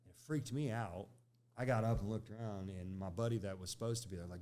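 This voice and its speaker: Deep-voiced man telling his story candidly. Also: quick pace, a little mellow. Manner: conversational, frequent "right?" and "you know" tags, acts out quoted lines. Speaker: podcast guest.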